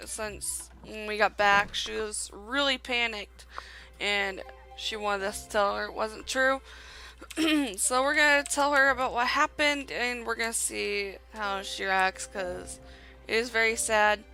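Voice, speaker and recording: A woman's voice: a little high, sharp tone, low-quality recording. A young woman hosting a let's play, chatting casually over gameplay with many fillers.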